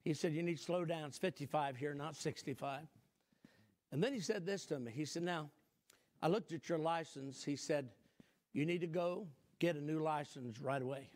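An older man preaching a sermon, telling a folksy personal story and rising to shouted emphasis. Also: fairly high pitch, moderate pace.

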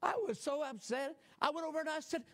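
An older man preaching a sermon, telling a folksy personal story and rising to shouted emphasis. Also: very high-pitched, fast talker, a little hiss or hum.

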